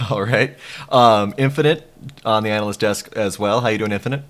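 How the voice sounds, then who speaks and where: Lower-voiced esports caster, announcer energy. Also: male voice, normal speed. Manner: energetic announcer, introducing the crew. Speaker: play-by-play caster. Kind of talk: esports broadcast opener.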